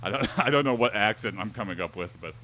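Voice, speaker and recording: A man's voice: lowish voice, expressive, quick pace, pushed and bright, a little hiss or hum. A young man streaming and chatting casually, rambling with many fillers. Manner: rambling, filler-heavy, lots of likes. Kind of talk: casual chat reacting to text-to-speech donations.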